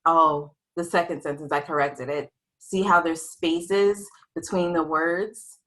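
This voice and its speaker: A young adult woman teaching a writing lesson to young children in a slow, expressive, sing-song teacher voice. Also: deep voice, rough recording.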